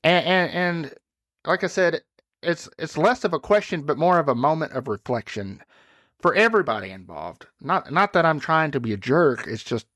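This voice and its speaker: A man's voice: on the high side, animated, moderate pace, a bit bright, no echo, clean studio sound. A man in his thirties hosting a podcast, telling funny parenting stories in a chatty, self-deprecating way and laughing at himself. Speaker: podcast host. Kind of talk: casual storytelling monologue.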